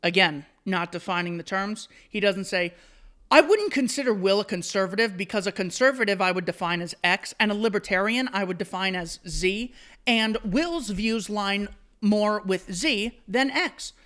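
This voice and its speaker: A man's voice: high voice, normal speed, pushed and bright. A man hosting solo commentary, reading out an article and answering it with sarcastic, mocking asides. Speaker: commentary host.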